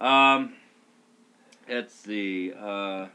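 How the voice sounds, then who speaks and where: A man's voice: lowish voice, takes it slowly, bright, forceful tone, clear, resonant tone. A young man co-hosting a casual, profane chat show, telling stories with frequent laughs. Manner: laughing storyteller. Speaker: co-host.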